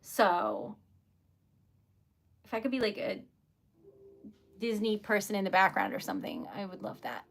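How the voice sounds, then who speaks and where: A woman's voice: medium pitch, very animated, a little slow, creaky, long pauses, a little hiss or hum. A young woman from Rhode Island hosting a casual livestream, flustered and giggly, stammering a little as she chats. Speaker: livestream host.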